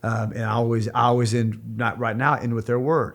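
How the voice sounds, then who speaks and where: A man's voice: mid-range voice, fairly even intonation, a little fast, hardly any pauses. A man in his thirties co-hosting a church podcast, talking earnestly with frequent restarts and fillers. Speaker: podcast co-host. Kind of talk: casual podcast talk.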